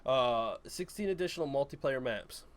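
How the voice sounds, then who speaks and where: Male gaming podcast co-host, average pitch, rambling and exasperated delivery. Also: expressive, moderate pace. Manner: exasperated, rambling complaints with many fillers. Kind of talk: casual chat.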